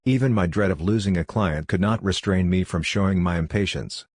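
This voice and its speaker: A man reading a classic story aloud as a first-person audiobook narration, in a measured way. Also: low-pitched, husky, dry recording, clean studio sound. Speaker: audiobook reader.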